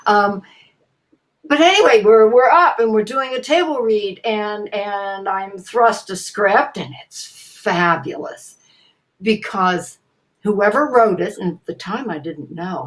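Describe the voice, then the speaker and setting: An older woman, a voice actress being interviewed, telling stories in a theatrical, animated way with frequent restarts. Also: mid-range voice, measured pace. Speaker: guest voice actor. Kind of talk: casual interview storytelling.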